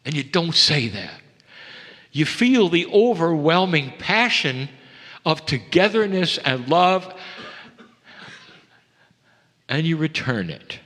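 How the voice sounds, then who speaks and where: A man delivering a channeled spiritual message to a live audience, slow and solemn, swelling up and then sinking to a soft hush. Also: fairly high pitch, big pitch swings. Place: event hall. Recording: long hall reverb.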